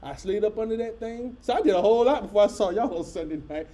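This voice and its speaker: A middle-aged man, a pastor telling a folksy story to his congregation with lively asides. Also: high voice, quick pace. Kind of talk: storytelling sermon.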